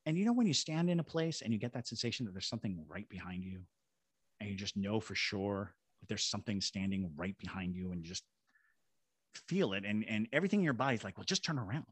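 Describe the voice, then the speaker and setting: A man's voice: fairly low pitch, fast, slightly rough, no echo. A man from Savannah, Georgia, animatedly telling a story as a podcast guest and acting out other people's voices. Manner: animated, acts out quoted voices. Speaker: guest, paranormal investigator.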